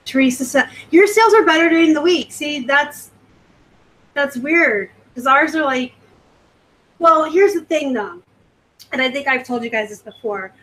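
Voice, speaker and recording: A woman's voice: a little high, pushed and bright, poor audio. Chatty woman hosting a live stream. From West Coast of the US. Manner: chatty, rambling, casual. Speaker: host. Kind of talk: live-stream chat answering viewer comments.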